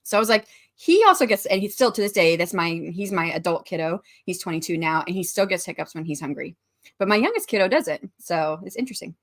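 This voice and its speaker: Talking fast in a fairly low, expressive voice, a livestream host in her forties keeps up casual chatter during a writing stream, calling out viewers by name and reading their messages.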